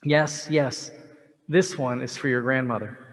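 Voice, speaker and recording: A man voicing a frail, grieving old grandfather who talks slowly and sighs. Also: mid-range voice, fairly even intonation, pitched below the performer's own voice, natural voice. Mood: sorrowful. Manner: slow, sighing and tender. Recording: long reverb of a large sanctuary.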